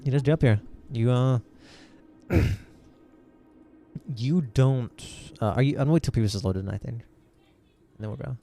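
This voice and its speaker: A man's voice: medium pitch, unhurried, creaky, pauses often, dark tone, a little hiss or hum. A man narrating a tabletop game as game master, rambling with lots of fillers and restarts.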